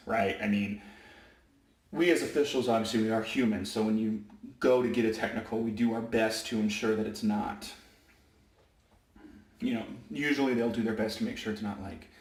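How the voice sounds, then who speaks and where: A man who works as a high school basketball referee, telling stories casually in a rambling way and often correcting himself. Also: a little mellow, distant mic. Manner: rambling, self-correcting, with many fillers. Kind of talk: casual storytelling vlog. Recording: roomy echo, away from the mic.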